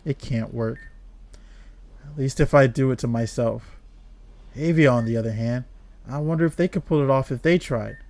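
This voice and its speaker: A man reading game dialogue aloud as a despairing young woman trapped in an endless world, in a flat, quiet, brooding way. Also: mid-range voice, normal speed, pauses often, natural voice.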